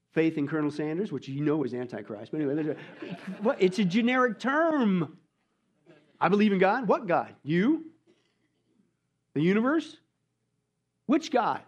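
Emphatic preacher man, slightly high voice. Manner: emphatic, rhetorical questions, swings loud and soft; colloquial preaching with mock voices. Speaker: pastor. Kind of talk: expository sermon.

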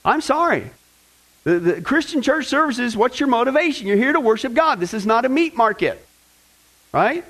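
A male pastor preaching a lively sermon, joking and talking straight to his congregation. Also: very high voice, poor audio. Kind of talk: sermon with fill-in-the-blank notes.

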